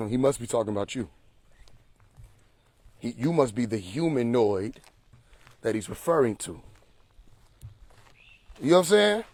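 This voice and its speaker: A man's voice: medium pitch, expressive, unhurried, pauses often, a little mellow, dry recording. A man hosting a casual livestream monologue, emphatic and preachy, firing off rhetorical questions and laughing often, recorded on a phone. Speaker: livestream host.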